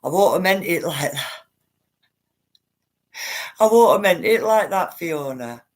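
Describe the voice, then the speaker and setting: A woman hosts a livestream and talks straight to her viewers, calling them guys and love. She rambles from point to point in a chatty, familiar way. Her voice sits fairly low for a woman. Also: animated, a little slow, long pauses, a little mellow. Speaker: livestream host reading viewer comments. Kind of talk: casual livestream chat to viewers.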